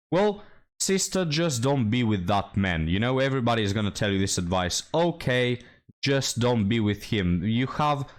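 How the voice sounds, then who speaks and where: A man hosting a reaction commentary, speaking bluntly and addressing his viewers directly. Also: mid-range voice. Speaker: commentary channel host.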